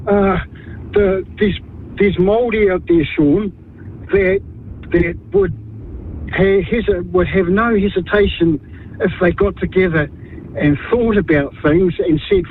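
A man in his fifties with a New Zealand accent, calling in to a radio show and speaking bluntly, with halting restarts. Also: high voice. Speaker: caller. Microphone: phone. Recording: tinny phone line with faint noise.

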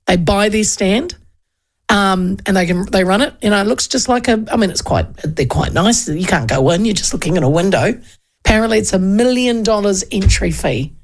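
Chatty middle-aged woman with a gravelly edge. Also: mid-range voice. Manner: chatty, storytelling, many restarts and asides. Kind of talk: casual chat with rambling anecdotes.

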